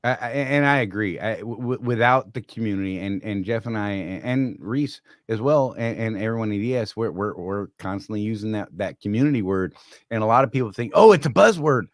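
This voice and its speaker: A man's voice: lowish voice, fairly quick, no echo, studio quality. A man co-hosting a casual talk show, speaking earnestly with many restarts and repeated words. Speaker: podcast co-host. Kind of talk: casual chat.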